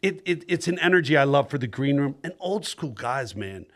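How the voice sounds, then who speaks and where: A man's voice: mid-range voice, a little fast. A middle-aged man from New Jersey, a stand-up comedian chatting casually and acting out stories with lots of laughter. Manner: animated storyteller, acts out voices and laughs a lot. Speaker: stand-up comedian, podcast guest. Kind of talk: casual chat.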